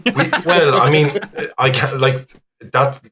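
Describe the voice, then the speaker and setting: A man's voice: mid-range voice, steady tone, slow, bright, forceful tone, slight background noise. A young Irish man chatting as a podcast guest, rambling with lots of fillers and laughs. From Ireland. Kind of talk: casual chat.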